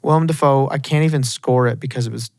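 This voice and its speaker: A man's voice: medium pitch, quick pace, no echo, clean studio sound. A young man co-hosting a podcast, giving blunt, emphatic opinions in casual chat. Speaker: podcast co-host. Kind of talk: casual movie review chat.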